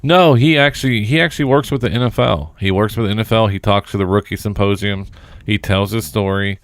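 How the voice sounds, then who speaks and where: A man's voice: fairly low pitch, a little fast, no room sound. A man co-hosting a podcast in casual chat, explaining things in a matter-of-fact way. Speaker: podcast co-host.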